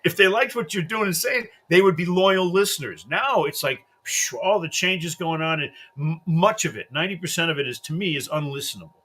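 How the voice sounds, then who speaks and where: A man's voice: on the high side, lively intonation, a little fast, few pauses, bright, forceful tone, breathy edge. A man hosting a sports radio show, chatting casually and ranting with profanity and mocking impressions.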